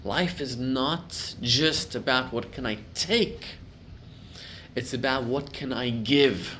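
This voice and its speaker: A middle-aged man, a rabbi, giving a class to a live group, telling stories and building to loud emphatic peaks. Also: medium pitch, takes it slowly, slight background noise.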